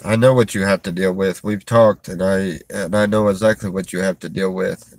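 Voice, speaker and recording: A man speaks to his stream viewers in a somewhat low voice, halting and strained. He restarts his sentences and sighs between them. He is sitting in a vehicle in a store parking lot. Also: fairly even intonation, darkish tone, no room sound. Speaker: livestreamer. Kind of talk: emotional livestream talk to viewers.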